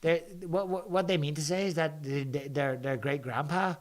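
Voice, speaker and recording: A man's voice: fairly high pitch, fairly even intonation, normal speed. A man, hosting a casual live chat, blunt and joking, swearing freely. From England. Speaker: podcast host. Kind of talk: live casual chat answering viewer questions.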